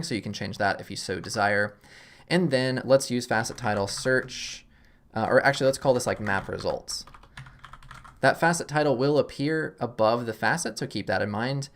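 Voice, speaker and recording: A man hosting a casual screen-recorded software tutorial, thinking aloud as he clicks, relaxed and self-deprecating. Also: mid-range voice. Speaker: tutorial host.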